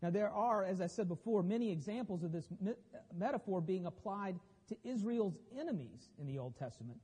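A man's voice: high-pitched, animated, brisk, mellow, husky, big-room sound. A man explaining a Bible passage in a conversational teaching style with wry asides.

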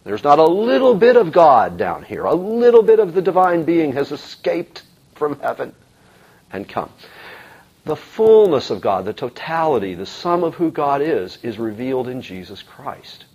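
A man teaching a Bible class in an emphatic, animated way, with frequent ums and uhs. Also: a little high, moderate pace, slightly rough. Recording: dull lo-fi recording.

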